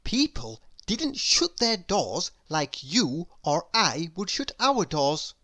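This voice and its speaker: A woman reading a children's story aloud, expressive and asking the listener questions. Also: lowish voice, takes it slowly.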